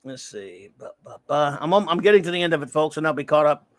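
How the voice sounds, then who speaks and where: A man's voice: fairly high pitch, fairly quick, fairly bright tone, no room sound. Man, livestream host, rambling casual chat, greets viewers by name, dry close sound. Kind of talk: casual live-stream chat, reading chat aloud.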